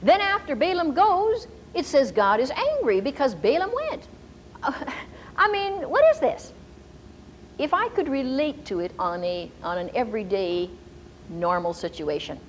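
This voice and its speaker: A woman Bible teacher giving a storytelling sermon in an animated way and laughing often. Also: high-pitched, unhurried, slight background noise, poor audio.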